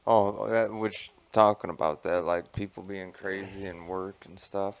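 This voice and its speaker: A man's voice: deep voice, fairly even intonation, measured pace. A man with a Midwestern accent, co-hosting a podcast and telling a laid-back work story. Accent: Midwestern American. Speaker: podcast co-host. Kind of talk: casual chat.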